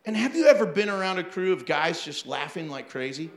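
Lively, high-voiced pastor telling funny stories. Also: male voice, fairly quick, roomy sound. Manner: animated, acts out quotes, laughs often. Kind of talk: storytelling sermon.

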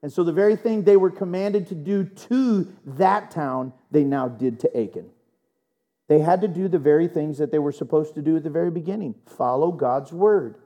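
Pastor, male, preaching in church; high-ish, mellow voice, playful and rhetorical. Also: normal speed. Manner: animated, joking, asks rhetorical questions. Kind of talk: sermon.

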